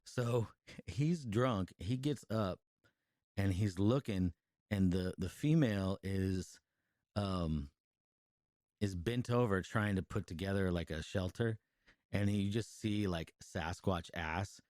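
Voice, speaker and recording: Man, lowish voice, podcast co-host, casual swearing movie recap, lots of fillers, dry close sound. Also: takes it slowly, a little mellow, no room sound. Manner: rambling and profane, full of fillers and restarts, laughs while telling. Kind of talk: casual chat, retelling a film.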